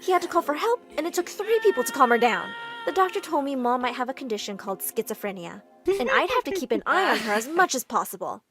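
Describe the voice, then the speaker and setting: A woman giving expressive, scripted first-person narration for an animated story. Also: high voice, fast talker, music in the background.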